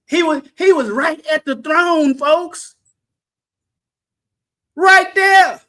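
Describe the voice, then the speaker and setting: A man leading an animated Bible study, preaching with shouted exclamations and joking asides. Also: very high voice, very slow. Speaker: Bible teacher.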